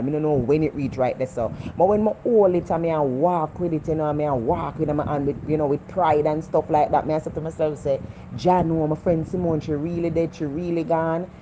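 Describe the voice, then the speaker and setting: A woman's voice: sits low, steady tone, quick pace, hardly any pauses, dark tone, lo-fi sound, a little hiss or hum. A woman with a Jamaican accent giving a heartfelt motivational talk, earnest and repetitive as she preaches life lessons. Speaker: vlogger.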